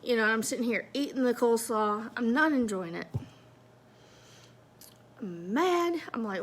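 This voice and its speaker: A woman's voice: on the high side, a little slow, pauses often. A woman telling a personal story in a casual, chatty, self-mocking way.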